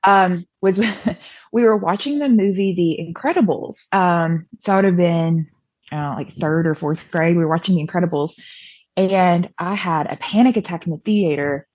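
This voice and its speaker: A young woman tells her story casually, leaning on fillers and acting out what others said. Her voice sits on the low side. The recording is dry and a little dull. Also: normal speed, a little mellow, no echo. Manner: chatty, many fillers, acts out quoted voices. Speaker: podcast guest.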